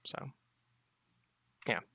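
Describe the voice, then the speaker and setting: A man hosting a podcast, chatting casually and reading out listener letters, often trailing off quietly at the ends of phrases. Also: very slow, no room sound, clean studio sound. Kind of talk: casual chat.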